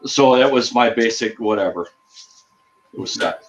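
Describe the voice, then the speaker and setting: A man from Michigan's Upper Peninsula hosts a casual chat, telling easygoing stories full of repeated phrases. His voice is medium in pitch at a normal speed, and the recording sounds dull and lo-fi.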